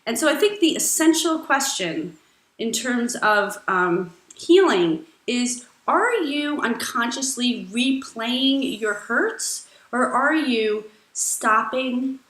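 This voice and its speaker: A woman hosts a casual advice vlog, answering questions in a playful, blunt and irreverent way. She speaks slowly, with a fairly high voice. The room is echoey, with faint music behind her. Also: expressive, a bit bright. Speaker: host.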